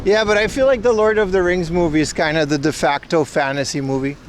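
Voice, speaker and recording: Outdoors in Japan, a Boston man in his thirties chats loosely and jokingly with his livestream viewers as an IRL streamer, rambling along. He talks fast in a fairly high, steady voice. A little hiss or hum is audible.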